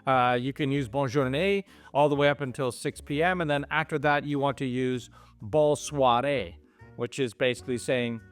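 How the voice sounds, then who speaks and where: A man's voice: medium pitch, normal speed, clean tone, faint music behind. A middle-aged man from Canada, explaining travel phrases in an easygoing, casual chat. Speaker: travel vlogger.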